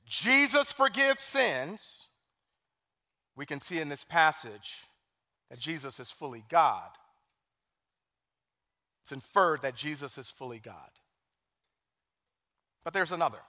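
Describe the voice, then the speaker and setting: A man preaching a sermon as pastor, animated, swinging from hushed scripture quotes to loud emphasis. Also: on the high side, slow pace, long pauses. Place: church sanctuary.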